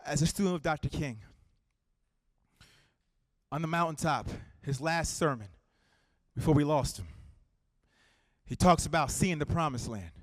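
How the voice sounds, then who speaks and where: Male political speaker, high voice, dry sound; rousing rally speech with rhythmic repetition and hushed story passages. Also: unhurried, long pauses, no echo. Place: community center hall.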